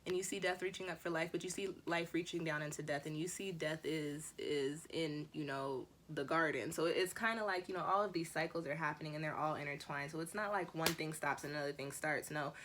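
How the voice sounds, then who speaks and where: A woman with a notably low voice delivers a tarot reading in an easygoing, rambling style. She drifts between thoughts and drops in the occasional swear word. A faint hiss sits under her voice. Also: steady tone, fairly quick, hardly any pauses, a bit bright. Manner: casual, rambling, with mild swearing. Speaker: tarot reader.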